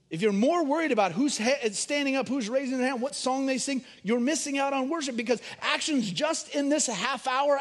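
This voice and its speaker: A middle-aged man preaching a sermon, animated, swinging between loud emphasis and hushed storytelling. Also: very high-pitched. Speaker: pastor.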